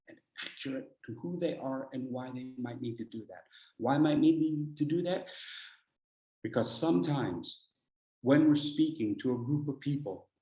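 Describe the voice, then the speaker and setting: A man coaching public speakers in a workshop, swinging from loud bursts to near whispers. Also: mid-range voice, echoey room. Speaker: speech coach. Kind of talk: workshop teaching.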